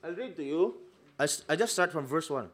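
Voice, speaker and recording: A male preacher delivers a sermon with a very lively pitch line, rising high on key points. His voice is bright and forceful, sitting a little above average in pitch. He drops to near-hushed phrases, then surges loud to drive points home. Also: a little fast. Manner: swings from hushed to loud emphatic peaks.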